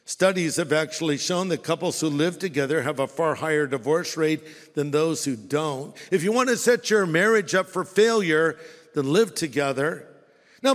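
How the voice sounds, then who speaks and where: A man with a high-pitched voice preaching a sermon in a large hall with a long reverb tail. He is animated and playfully mocking, and he slips into mimicking voices as he quotes people. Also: normal speed. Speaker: pastor.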